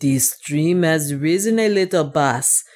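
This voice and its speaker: A woman reading an audiobook voices a loyal male dwarf servant who answers in a low, matter-of-fact way. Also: slow, a little mellow. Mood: calm.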